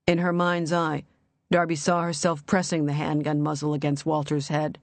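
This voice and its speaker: A woman narrating an audiobook in a measured, even reading. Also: low voice, no echo.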